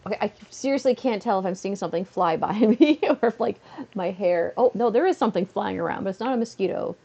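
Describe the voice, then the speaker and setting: A woman's voice: mid-range voice, expressive, quick pace, warm tone. A woman from Canada chatting casually on a livestream at home, rambling with lots of "like" fillers. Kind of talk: casual chat. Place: at home, seated on a beanbag.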